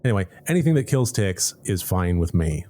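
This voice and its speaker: A man's voice: deep voice, very animated, a little fast, dark tone, a little hiss or hum. A man playing a story game, reading its text aloud and making wry, sarcastic asides. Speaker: let's play gamer.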